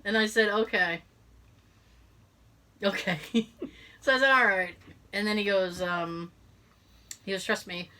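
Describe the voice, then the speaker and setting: A woman's voice: medium pitch, measured pace, pauses often. A middle-aged woman co-hosting a podcast, telling a story in casual chat and acting out the voices of the people in it. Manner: animated, acts out quoted voices, laughs often. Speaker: podcast co-host.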